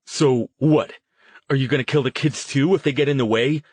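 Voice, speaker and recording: A man voicing a furious young man who yells in disbelief, his voice shaking. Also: high voice, very animated, a little slow, slightly rough, no room sound, pitched above the performer's own voice, exaggerated voice. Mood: demanding. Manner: screaming, shaky.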